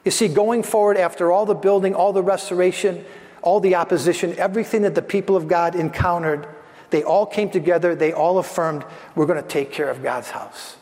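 A man's voice: high-pitched, fairly even intonation, brisk, a little mellow, long reverb tail. A man preaching a sermon as pastor, earnest and building his points through repeated phrases.

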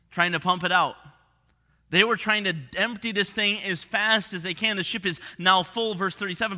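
Bright high-voiced preacher in a reverberant hall. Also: male voice. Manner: expressive preaching, drops to hushed tones for emphasis. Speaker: pastor. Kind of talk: sermon.

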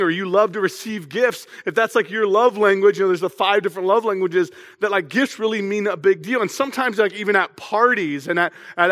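A man's voice: sits high, a bit bright, big-room sound. A young man preaching a sermon as a pastor in a church, in a casual, chatty way, often asking the congregation to respond.

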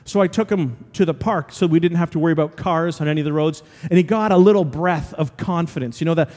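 A male pastor preaches a sermon at a quick pace in a fairly high, slightly mellow voice, earnestly telling stories and hammering points home through repetition. The long reverb of a large hall surrounds him.

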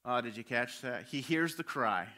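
Passionate preacher man, bright forceful voice. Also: mid-range voice, lively intonation, normal speed. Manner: passionate, swings between loud urging and hushed quiet. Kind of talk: sermon.

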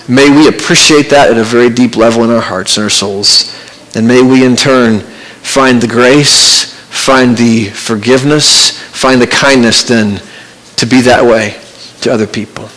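A man preaching a sermon as pastor, earnest and conversational, with pauses and restarts. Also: medium pitch, fairly even intonation, fairly bright tone, poor audio.

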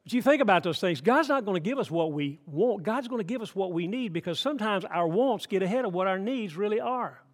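High-voiced preacher, folksy and emphatic. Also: male voice, lively intonation, a little fast, hardly any pauses. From Atlanta, Georgia. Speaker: pastor. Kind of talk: sermon.

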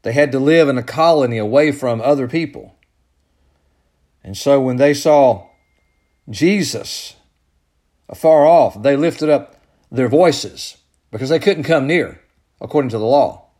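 A man preaching a sermon as pastor, building to loud, emphatic peaks and then dropping low and soft. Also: measured pace, pauses often.

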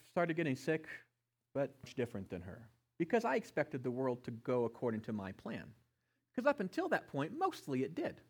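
A man's voice: on the high side, slightly rough. Passionate male pastor preaching a sermon. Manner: passionate, swinging between loud emphasis and hushed tones.

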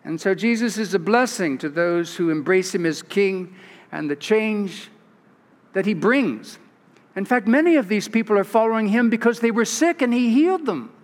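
A man from California, a pastor giving an expressive storytelling sermon with restarts and asides. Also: high-pitched, normal speed. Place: large church. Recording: long church reverb.

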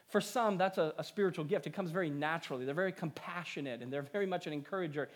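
A male pastor preaching a sermon on Scripture, earnest and rising to emphasis, then dropping to quiet prayerful lines. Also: high voice, quick pace, hardly any pauses.

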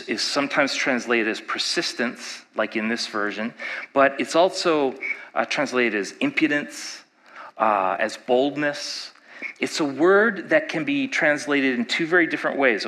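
A man's voice: mid-range voice, pushed and bright, low-quality recording. A male pastor preaching a sermon in a conversational way, asking his listeners rhetorical questions.

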